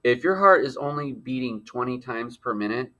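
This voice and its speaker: A man's voice: mid-range voice, lively intonation, moderate pace, bright, forceful tone, lo-fi sound. A male teacher giving a playful lecture with frequent joking asides. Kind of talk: jokey classroom lecture.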